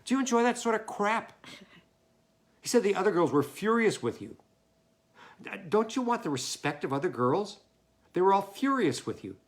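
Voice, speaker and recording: A man's voice: sits high, voice pushed up. A man reading a stuffy, jealous young letter writer. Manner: scolding and self-reproaching, loud in spurts. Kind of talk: staged play reading. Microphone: home mic.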